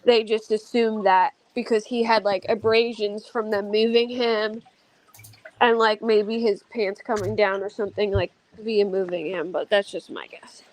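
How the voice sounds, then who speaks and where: A woman's voice: medium pitch, fairly even intonation, unhurried, rough recording. A woman hosting a casual true-crime panel chat, talking loosely with many fillers. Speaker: host.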